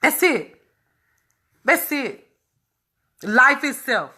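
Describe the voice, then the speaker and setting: A woman speaking a raw personal testimony, repeating herself and breaking between tears, laughter and shouts of frustration. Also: high voice, big pitch swings, very slow, breathy edge. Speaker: vlogger sharing her illness story.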